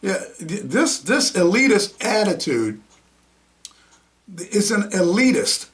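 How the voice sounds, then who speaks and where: Man, high voice, lively swings in pitch, indignant mocking rant. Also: slow, long pauses. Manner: indignant, mocking, name-calling rants. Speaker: podcast host. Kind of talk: heated commentary.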